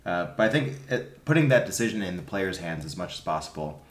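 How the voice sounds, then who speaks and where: A man's voice: low-pitched, fast talker. Emphatic man in a roomy room. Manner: emphatic, animated storyteller. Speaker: youth soccer club coach. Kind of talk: casual podcast chat. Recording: roomy echo.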